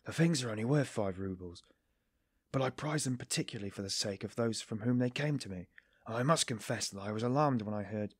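A man reading an audiobook, voicing a nervous young man who strains to sound calm. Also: fairly low pitch, fairly quick, breathy edge, dry recording, clean studio sound. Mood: tense. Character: nervous, guarded young man hiding guilt.

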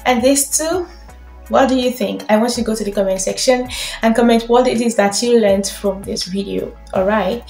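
A woman's voice: on the high side, normal speed, creaky, a little mellow, roomy sound, faint music behind. A woman hosting her own channel, speaking straight to her viewers and gushing with repeated, emotional thanks. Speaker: YouTube channel host. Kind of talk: direct-to-camera thank-you message.

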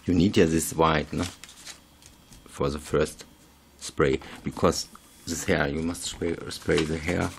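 A man's voice: rumbling low, little pitch movement, slow pace, gravelly, pauses often, slight background noise. A man, chatting casually through a craft tutorial in broken English, rambling and laughing at himself. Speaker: video maker.

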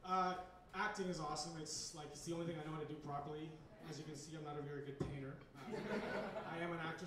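A man does stand-up comedy with a rambling, hesitant delivery full of fillers, and his voice sits high for a man. He was recorded from far back in a bar, with heavy room echo and a faint hum of ambience. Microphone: handheld recorder in the audience.

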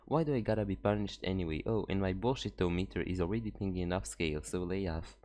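A man's voice: low-pitched, quick pace, darkish tone, close to an everyday voice. A man reading a brash, foul-mouthed young man from a game, blunt and impatient. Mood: gruff. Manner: swearing, blunt.

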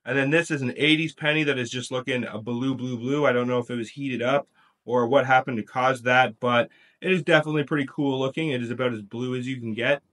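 A man's voice: mid-range voice, fairly bright tone. Guy hosting a coin roll hunt vid, laid back, just walking through his coins. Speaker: coin collecting channel host. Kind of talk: casual show-and-tell narration.

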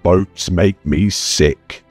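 A man voicing a gruff one-eyed male dwarf warrior who speaks curtly, with faint music behind. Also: low voice, drawn-out words, darkish tone, no room sound, full character voice. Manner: curt, blunt, few words. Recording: dry close mic, faint music bed.

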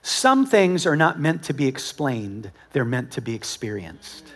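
A male pastor preaching a sermon in a conversational, animated storytelling manner, talking directly to his congregation. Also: mid-range voice, unhurried. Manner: animated storytelling with acted-out quotes. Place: church service with a congregation.

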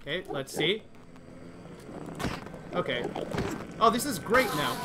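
Man, high voice, jumpy livestream game commentary, nervous and excitable, noisy recording. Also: a little slow, long pauses. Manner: excitable, nervous, talks to chat. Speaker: gaming livestreamer. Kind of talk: live gameplay commentary.

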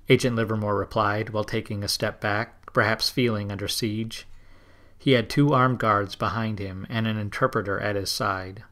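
Low-voiced guy reading an audiobook, measured and steady. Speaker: narrator. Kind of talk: audiobook narration.

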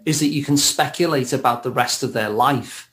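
Medium-pitched and a bit bright, the Liverpudlian therapist talks at normal speed, with slight background noise behind him. As a podcast guest with a Scouse accent, he chats casually and reflectively, laughing lightly.

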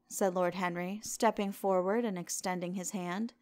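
A woman narrating an audiobook in a steady, measured reading style. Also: on the low side, dry recording. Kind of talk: scripted narration.

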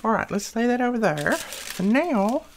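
A woman's voice: a little high, big pitch swings, moderate pace, a little hiss or hum. An older woman hosting a crafting video, chatting casually and telling homey family stories as she works. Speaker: crafting channel host.

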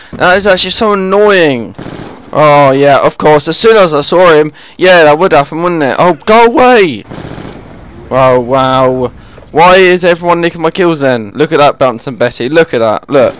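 A man's voice: medium pitch, slight background noise. A man giving live commentary over his own gameplay, easily exasperated and groaning whenever the game goes against him. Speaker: gaming channel host.

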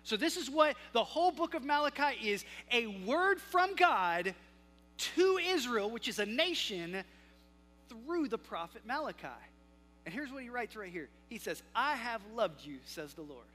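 High, bright-voiced male pastor preaching. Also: big pitch swings, a little slow. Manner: dynamic delivery, swinging between loud emphasis and hushed asides. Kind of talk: sermon. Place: church sanctuary. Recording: long hall reverb with faint music.

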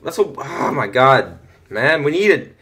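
A teenage boy gives casual commentary on a football video game from his room at home. He mutters and chats to himself, then gets loud and excited when a play goes his way. His pitch sits in the middle for a young man. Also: a little slow. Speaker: gaming commentator.

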